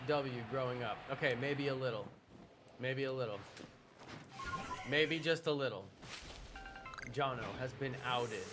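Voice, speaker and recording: A man in his thirties giving chatty, playful live-stream commentary while he plays a game and jokes with his viewers. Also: mid-range voice. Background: game music.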